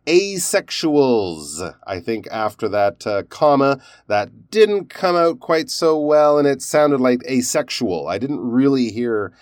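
A man's voice: mid-range voice, animated, a little slow, few pauses, darkish tone, clean tone, dry recording, studio quality. A man teaching pronunciation, reviewing learners' recorded sentences and explaining stress and endings in an encouraging, explanatory way.

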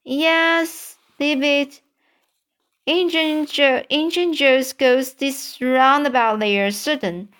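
A timid, superstitious boy in a storybook, as a woman reads him aloud. The voice is fairly high and unhurried, with stumbling restarts. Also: fairly even intonation, a bit bright. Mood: worried. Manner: halting reading with restarts.

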